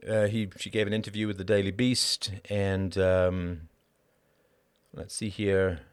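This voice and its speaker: A man's voice: low voice, little pitch movement, unhurried, smooth. A man hosting a live call-in show, delivering a heated monologue in an emphatic, blunt and profane way, with sardonic asides and rhetorical questions.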